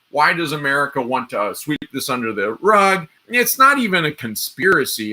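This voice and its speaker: A man with a bright, forceful voice pitched a little high runs his own live stream. He talks straight to his viewers in a loose, rambling way. He restarts his sentences often as he works through his points. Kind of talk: casual political commentary.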